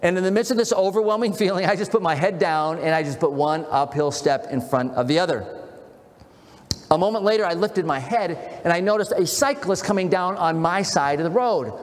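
Male pastor, high voice, earnest storytelling sermon, echoing hall. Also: a little fast.

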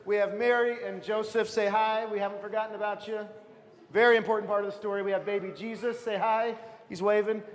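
A man's voice: high-pitched, level tone, fairly quick. A man leading a children's Christmas nativity in a church, upbeat and coaxing the kids with stage cues. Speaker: leader of a children's nativity play. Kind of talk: guiding a church Christmas pageant. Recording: long hall reverb.

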